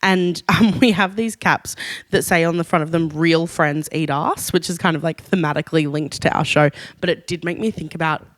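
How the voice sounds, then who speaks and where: A woman's voice: on the low side, steady tone, a little fast, dry recording. Giggly woman, dry close sound. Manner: giggly, chatty storyteller. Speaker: podcast co-host. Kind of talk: casual chat.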